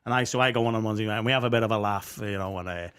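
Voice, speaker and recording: A man's voice: lowish voice, very fast, fairly bright tone, clean tone. A man, chatting as a guest and teasing the host in easy banter. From Liverpool, England. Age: 50s. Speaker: guest musician and worship leader. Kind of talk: casual chat. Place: studio set up as a pub.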